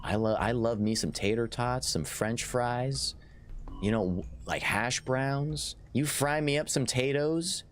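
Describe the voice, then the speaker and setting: A man streaming a strategy game live, commentating in an excitable, jokey way and often restarting his sentences. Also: mid-range voice. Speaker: gaming streamer.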